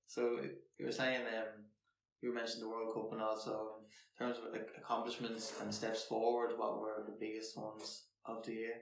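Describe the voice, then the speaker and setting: A man's voice: lowish voice, monotone, normal speed, vocal fry. A young Irish man hosting a casual podcast, asking questions and moving the talk along. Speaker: podcast host. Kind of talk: casual interview chat. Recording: echoey room, faint noise and clicks.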